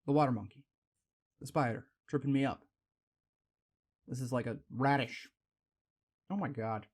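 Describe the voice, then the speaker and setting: A man's voice: medium pitch, moderate pace, pauses often, a little mellow. A young man hosting a card-opening video, rambling in casual asides and exclaiming over shiny pulls. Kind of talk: casual pack-opening chat.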